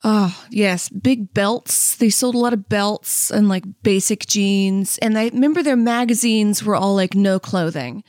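A woman's voice: medium pitch, unhurried, hardly any pauses, a little mellow, no echo, clean studio sound. A woman in her thirties, co-hosting a comedy podcast, rambling through anecdotes with lots of fillers, tangents and laughter. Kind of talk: casual rambling chat. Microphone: close studio mic.

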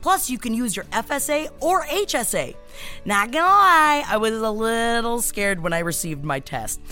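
A woman's voice: fairly high pitch, animated, moderate pace, pushed and bright, faint music behind. A woman co-hosting a podcast, chatting and reading an ad in a brash, comic, self-deprecating way. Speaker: podcast co-host. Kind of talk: casual chat and host-read ad.

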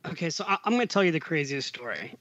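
Middle-aged american man chatting on a podcast, kinda high voice, acts out the quotes, muffled dull audio. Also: fast, dry recording. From USA. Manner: animated storyteller, acts out quotes, laughs often. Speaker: podcast guest, finance author. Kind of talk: casual storytelling interview.

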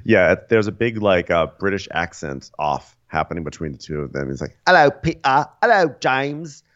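A man with a very low voice co-hosts a casual podcast, recounting scenes in a wry, meandering way. He pads his sentences with fillers and drily questions what he saw. The recording is a touch dull and lo-fi. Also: lively intonation, fairly quick. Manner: wry, rambling storytelling with many fillers. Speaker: podcast co-host. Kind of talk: casual recap chat.

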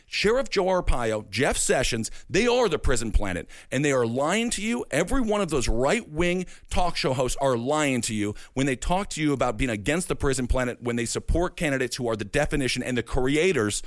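A man's voice: medium pitch, sing-song, no room sound. Emphatic political talk host, man. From Wisconsin, USA. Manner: emphatic, repeats points, quick laughs. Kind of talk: political commentary chat.

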